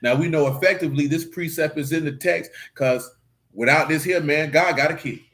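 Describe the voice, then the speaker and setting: A man teaching scripture in a casual stream, joking and swearing in street slang, with sudden animated outbursts. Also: fairly high pitch, a little fast. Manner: animated preaching with rising outbursts. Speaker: Bible teacher.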